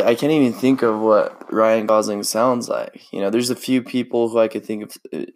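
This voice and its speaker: A young man hosting a casual solo podcast, rambling in a laid-back way with lots of slang and fillers. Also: lowish voice. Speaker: podcast host.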